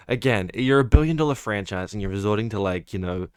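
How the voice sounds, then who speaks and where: A man's voice: on the low side, fairly quick, few pauses, clean tone, no room sound, studio quality. A young man giving a casual film review, ranting with exasperation and swearing, mocking what he dislikes. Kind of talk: casual monthly movie review.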